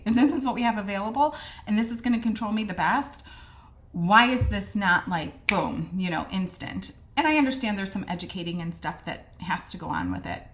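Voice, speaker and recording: An earnest woman in casual storytelling mode, speaking at a medium pitch. She is chatty and keeps acting out the things people said to her, with plenty of fillers and restarts along the way. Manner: chatty, acts out quoted conversations. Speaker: vlogger sharing a personal health story.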